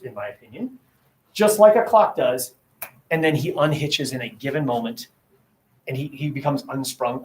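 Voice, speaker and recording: A man teaching an English class, sounding out letters aloud and quizzing his students as he goes. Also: fairly high pitch. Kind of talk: classroom lecture. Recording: roomy classroom echo.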